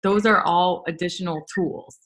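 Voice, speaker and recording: A woman's voice: lowish voice, normal speed. A woman hosting an interview, asking long, casual questions with many fillers. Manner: relaxed, rambling questions with fillers. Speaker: host.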